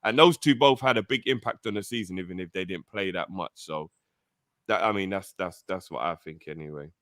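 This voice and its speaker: Man, casual slangy chat, low pitch, dry close mic. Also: fairly quick, no room sound. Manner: laid-back, slangy, gives shout-outs. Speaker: co-host of a fan call-in show.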